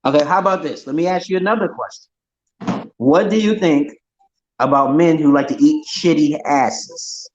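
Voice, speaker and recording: A man's voice: a little high, normal speed, highs cut off. Crude rambling male stream host. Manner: crude, rambling, stammering restarts. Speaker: livestream host. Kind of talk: casual call-in chat. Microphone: online stream call.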